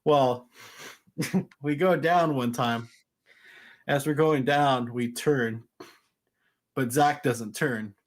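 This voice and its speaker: A man's voice: mid-range voice, drawn-out words, pauses often. A young man co-hosting a podcast, telling a childhood story in casual chat and laughing often. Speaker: podcast co-host.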